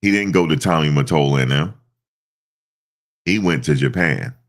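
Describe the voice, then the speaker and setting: With a very deep voice at normal speed, this congested man runs a laid-back live stream. His storytelling wanders, packed with fillers.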